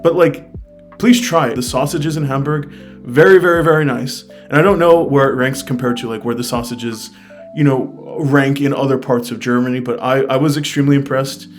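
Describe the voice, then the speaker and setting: A travel vlogger from the United States, this man speaks at medium pitch and a little fast, chatting casually to his viewers in a travel review. He's enthusiastic, recommends things to them directly, and fills his speech with "like" and "I mean," with faint guitar music in the background.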